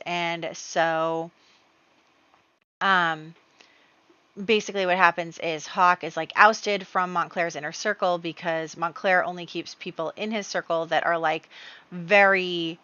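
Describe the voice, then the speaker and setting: A woman's voice: on the low side, fairly even intonation, measured pace, sharp tone, clear, resonant tone, no room sound. A woman giving casual, chatty, rambling commentary over her game play. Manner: chatty, rambling, many fillers. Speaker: gaming video creator. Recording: dull lo-fi dry recording.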